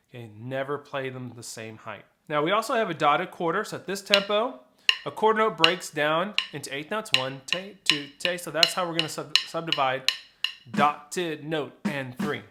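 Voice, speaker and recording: A man teaching snare drum technique, explaining flams and rolls and counting rhythms aloud. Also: a little high. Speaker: percussion teacher. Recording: loud drumming behind the voice.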